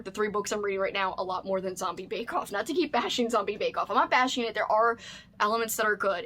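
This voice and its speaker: A woman's voice: medium pitch, a bit bright, slight background noise. Chatty enthusiastic woman book vlogger. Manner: chatty and enthusiastic, with frequent "like" fillers. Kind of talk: casual reading vlog chat.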